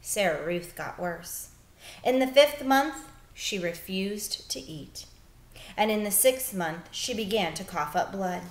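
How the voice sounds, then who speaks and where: Female teacher, read-aloud narration, expressive and gentle, mid pitch, roomy echo. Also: slow pace. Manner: expressive storytelling, soft and hushed in sad parts. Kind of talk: children's book read-aloud.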